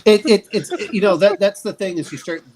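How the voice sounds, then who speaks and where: A man with a fairly high voice chats casually about tabletop games. He talks haltingly, restarting and repeating words before he gets to his point. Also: a crowd in the background, low-quality recording. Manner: halting, many false starts and repetitions.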